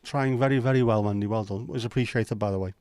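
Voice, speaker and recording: A man's voice: medium pitch, fast talker, a little mellow, smooth. A man hosting a casual livestream chat, joking and teasing his viewers in loose banter. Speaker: livestream host.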